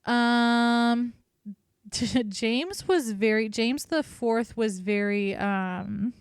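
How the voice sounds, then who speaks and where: A woman's voice: fairly high pitch, very slow, clean tone, dry recording, studio quality. A woman co-hosting a podcast, telling history in a casual, irreverent way and swearing freely. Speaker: podcast co-host.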